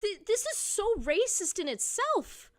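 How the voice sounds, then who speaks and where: A woman's voice: extremely high pitch, big pitch swings, measured pace, no room sound, studio quality. A woman hosting a gaming commentary show, reacting to clips in an exasperated, profanity-laced rant. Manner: exasperated, sweary ranting.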